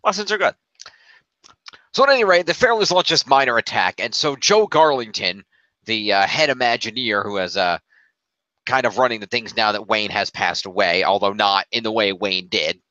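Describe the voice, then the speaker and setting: A man with a bright, forceful voice hosts a casual review chat, rambling through a plot recap with plenty of "uh" and "basically". The recording is dull and lo-fi, with a dry sound and no room echo. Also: lowish voice, normal speed. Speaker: podcast host.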